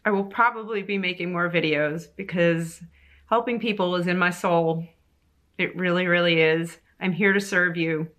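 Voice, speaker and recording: A woman's voice: lowish voice, steady tone, normal speed, a bit bright. A woman in her forties, a veterinary cancer specialist, talking to camera in an emphatic, exasperated way and repeating phrases for emphasis. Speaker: veterinary oncologist vlogger. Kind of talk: frustrated vlog monologue to camera.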